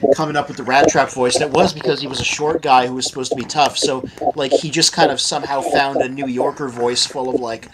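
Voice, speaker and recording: A mid-pitched man speaks earnestly, stammering through repeated starts. Loud crowd noise sits under his voice. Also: steady tone, fast, few pauses, poor audio. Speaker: stream panelist. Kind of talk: casual group chat on a live stream.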